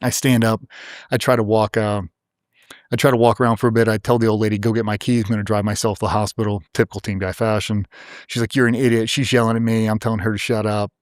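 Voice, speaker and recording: Man, middle-aged, lowish voice, blunt and profane, dry close studio sound, interview storytelling. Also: level tone, fast, dry recording. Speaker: interview guest, former special operator.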